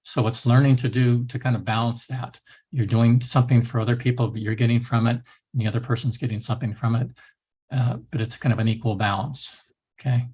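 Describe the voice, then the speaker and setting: Husky man giving a rambling lecture. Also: medium pitch, level tone, a little fast, dark tone. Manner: loose, rambling, with many restarts. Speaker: instructor. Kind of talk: recorded lecture.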